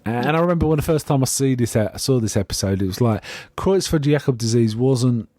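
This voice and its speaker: A man's voice: mid-range voice, lively intonation, a little fast, warm tone, dry recording, clean studio sound. A man casually recapping a TV episode on a podcast, rambling and amused and often trailing off mid-sentence. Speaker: podcast co-host.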